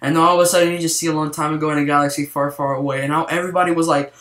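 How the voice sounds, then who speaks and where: A young man rambling excitedly through a casual movie review, full of fillers and restarts. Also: fairly high pitch, very fast, few pauses, faint music behind. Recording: echoey room.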